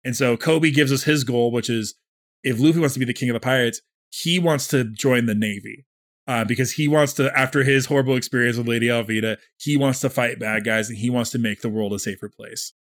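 A man co-hosting a casual podcast, full of enthusiasm and peppering his talk with "like". His pitch is in the middle range for a man. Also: steady tone, a little fast. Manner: enthusiastic, with many filler "like"s. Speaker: podcast co-host. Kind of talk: casual chat.

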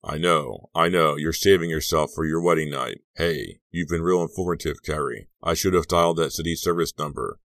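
A man's voice: rumbling low, normal speed, few pauses, fairly bright tone, no echo, clean studio sound. A man voicing a wisecracking teenage boy who needles his friend with jokes, in an audiobook reading. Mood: teasing.

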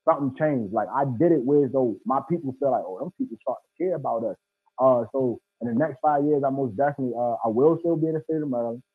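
Young man, husky voice, slangy and unhurried, phone-like dry sound. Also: medium pitch, no room sound. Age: 20s. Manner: laid-back, slangy, slow and earnest. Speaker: guest, nonprofit founder. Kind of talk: casual interview.

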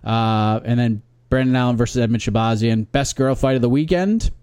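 A man's voice: mid-range voice, fairly quick, darkish tone, smooth, dry recording. A man co-hosting a casual sports podcast, wryly reading listener emails aloud. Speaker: podcast co-host.

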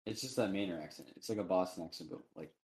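Young guy rambling fast in a chill hangout chat, kinda low voice, says like a lot. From New England. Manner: rambling, filler-heavy, animated. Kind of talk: casual chat.

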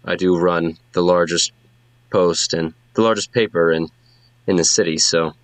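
A man voicing a formal older father, a wealthy newspaper owner who speaks in a measured way. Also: sits low, fairly even intonation, dry recording, lightly acted. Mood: fatherly.

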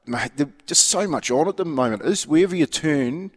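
A man co-hosting radio, New Zealand accent, rambles casually about sport with frequent restarts, in a relaxed, matey manner. His voice is on the high side, expressive and a little fast, with a big-room sound.

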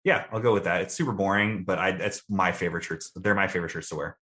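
Deep-voiced young man, easygoing. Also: fast talker, sharp tone. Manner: easygoing, thoughtful, self-deprecating. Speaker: guest. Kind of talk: casual interview answers.

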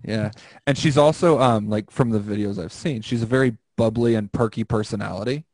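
A man's voice: lowish voice, brisk, a little mellow, no echo. A young man hosting a casual podcast over a remote call, joking and rambling with crude humor. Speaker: podcast host.

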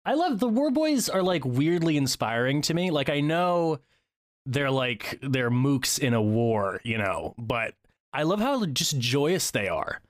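A man co-hosting a podcast in casual chat, animated, with sudden excited high-pitched bursts. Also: measured pace, dry recording, studio quality. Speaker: podcast co-host.

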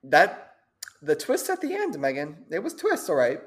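Woman, casual co-host, reads horror stories aloud, quick to laugh, stumbles over long words. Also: low-pitched, wildly swooping pitch, slightly rough.

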